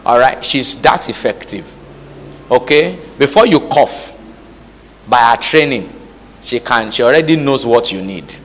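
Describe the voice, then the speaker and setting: A man's voice: mid-range voice, expressive, a little slow, long pauses, a bit bright, slight background noise. A man preaching, quizzing the congregation with call-and-response questions. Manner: call-and-response, repeated "All right?" checks. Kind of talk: sermon. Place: church hall. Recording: reverberant hall.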